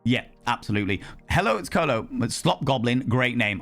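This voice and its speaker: A man live-streaming and chatting to his viewers, loud, brash and theatrical, swearing freely. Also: medium pitch, big pitch swings, brisk, faint music behind.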